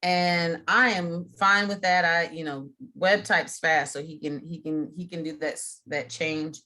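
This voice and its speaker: Bright-voiced middle-aged woman trainer. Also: lowish voice, steady tone, unhurried. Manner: chatty, frequent fillers and restarts. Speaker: mediation trainer. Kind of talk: casual training talk.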